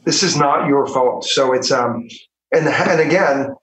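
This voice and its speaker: A man speaking as a podcast guest, halting and heartfelt, with many restarts. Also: medium pitch, a bit bright, recorded from a distance. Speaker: actor guest. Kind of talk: casual podcast chat. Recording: roomy, from the mic.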